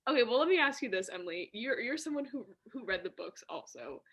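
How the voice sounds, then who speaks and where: A woman's voice: a little high, sing-song, fast, a bit bright, a little hiss or hum. A young woman co-hosting a casual podcast, playful, laughing and mimicking voices. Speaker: podcast co-host. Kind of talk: casual chat.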